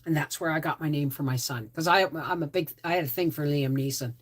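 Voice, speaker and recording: A woman's voice: sits low, a little fast. A woman hosting a casual livestream, rambling with frequent restarts and asides. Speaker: homestead channel host.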